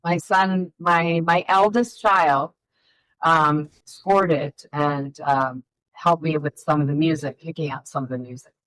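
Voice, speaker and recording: Middle-aged woman, low voice, dry close sound, rambling animated storytelling, filmmaker guest. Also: a little slow, no room sound, rough recording. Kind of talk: casual interview chat.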